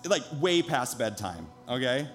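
A man's voice: mid-range voice, sing-song, unhurried, soft background music. A man in his thirties, a pastor preaching a sermon, telling a personal story earnestly before building to emphatic preaching.

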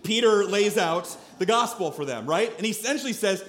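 A man in his thirties preaching a sermon in a church, telling a family story and acting out quotes loudly. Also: high-pitched, lively intonation, brisk, hardly any pauses. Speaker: pastor.

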